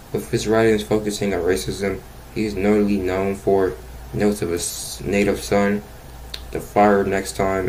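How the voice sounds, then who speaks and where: Man, deep voice, even delivery, reading a biography, faint background hiss. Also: gravelly, rough recording. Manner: careful reading with occasional stumbles. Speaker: program presenter.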